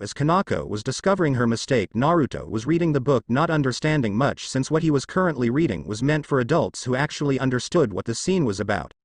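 A man narrating a fanfiction story as an audiobook in an expressive reading style. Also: mid-range voice, no room sound, clean studio sound.

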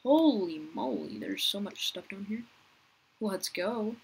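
A young woman gaming YouTuber gives casual, chatty gameplay commentary, talking to viewers and fellow players while her rough voice keeps needing to clear its throat. Her mid-range voice is expressive and slow, and the audio quality is poor.

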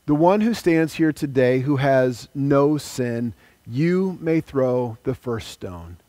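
Preacher guy doing a soft gentle forgiving jesus in a sermon story, dry sound. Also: mid-range voice, expressive, slow pace, no echo.

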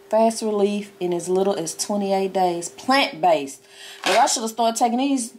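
A woman's voice: mid-range voice, a little mellow, a little hiss or hum, poor audio. A woman with a Southern country accent chatting bluntly and jokingly in a casual vlog from a parked car, eating while she talks. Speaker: vlogger.

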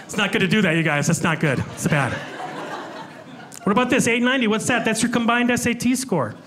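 A man's voice: high-pitched, lively intonation, fairly quick. A man performing a stand-up comedy set on a club stage, chatty and self-mocking, talking with the crowd. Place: comedy club stage before a live audience. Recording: live club recording with audience noise.

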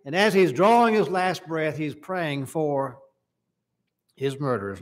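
Man, preacher, fairly high voice, church sermon, reads scripture aloud, asks the congregation questions. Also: lively intonation, a little slow. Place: church service.

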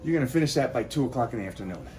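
A man's voice: mid-range voice, expressive, racing, a little mellow, faint music behind. A man talking to his viewers in a motivational vlog while doing cardio, out of breath and rallying them to push on. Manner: pep-talk, addresses viewers directly. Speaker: fitness vlogger.

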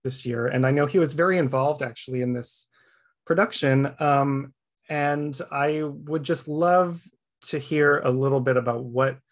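A man's voice: mid-range voice, steady tone, a little slow. A man hosting a video interview, asking questions in a friendly, polite way. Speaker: interview host. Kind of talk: webchat interview. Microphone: video call.

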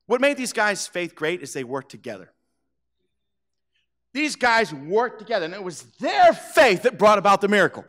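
A male preacher with a fairly high voice that swings widely up and down as he preaches. He tells the story playfully, acting out the characters' voices and laughing along with his congregation. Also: sing-song, normal speed, a bit bright. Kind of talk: animated sermon with acted-out scenes. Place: church sanctuary.

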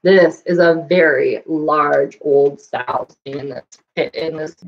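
A woman's voice: deep voice, measured pace, highs cut off. A woman library storyteller reading picture books aloud to young children, asking them questions as she goes, with an occasional cough. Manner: animated, asks young listeners questions. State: coughing now and then.

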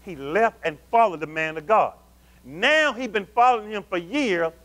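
High-pitched animated preacher man. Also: moderate pace. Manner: animated call-and-response preaching, addresses the congregation as family. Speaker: pastor. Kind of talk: sermon.

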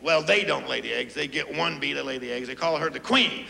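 A man's voice: a little high, brisk, vocal fry. A middle-aged man doing a stand-up comedy routine on a club stage, acting out voices as he tells his stories. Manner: animated, acts out voices. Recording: roomy live club recording with crowd and noise. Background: laughing audience.

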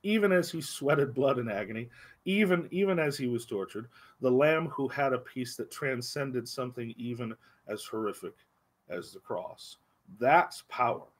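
Man, husky tone, leads a church Bible study with earnest emphasis. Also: mid-range voice. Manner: earnest, emphatic, slows down on key phrases. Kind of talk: adult Bible class teaching. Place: church classroom. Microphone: livestream microphone.

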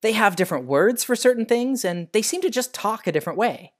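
An American man hosting a science lesson for kids, telling stories in a friendly, animated way. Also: sits high, brisk. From United States. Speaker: educational show host.

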